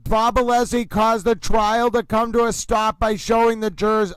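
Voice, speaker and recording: A man hosting a live commentary stream on a trial, excitable and given to repeated exclamations, speaking close to the mic. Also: high voice, normal speed, clean tone, dry recording, rough recording. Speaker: livestream host.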